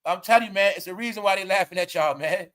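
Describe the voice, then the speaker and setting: A man rants through his online commentary show, high-pitched and bright. He mocks and scolds his audience in heavy slang, swearing as he goes. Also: fast. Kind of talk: ranting commentary vlog.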